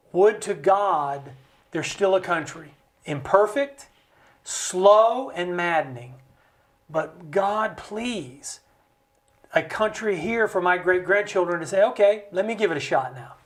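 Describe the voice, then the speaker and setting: A man speaking as a studio guest, explaining with passion, in an animated way with jokey asides. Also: high voice. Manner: animated, acts out quoted voices, jokey asides. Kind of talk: impassioned conversational explanation. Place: recording studio.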